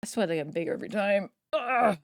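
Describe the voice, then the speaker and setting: A woman's voice: medium pitch, animated, quick pace, gravelly, no room sound, clean studio sound. Chatty woman talking to herself while sewing. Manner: chatty self-talk, mild swearing. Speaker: streamer. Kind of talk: casual chat while sewing on a live stream.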